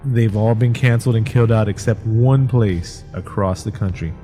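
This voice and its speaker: A man in his forties, a podcast co-host who tells stories in casual movie chat, animated and profane. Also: lowish voice, normal speed, soft background music.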